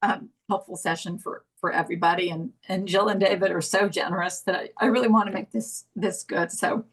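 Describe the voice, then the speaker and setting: Tearful middle-aged woman, halting and apologetic. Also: medium pitch, steady tone, husky, poor audio. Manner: halting, apologetic, many restarts. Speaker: therapy volunteer. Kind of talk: emotional personal account.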